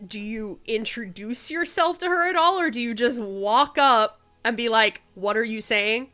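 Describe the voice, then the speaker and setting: A woman's voice: on the high side, expressive, moderate pace, sharp tone, soft background music. A woman running a tabletop game as game master, describing scenes in a rambling way with frequent fillers and restarts. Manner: rambling, hesitant, many fillers and self-corrections.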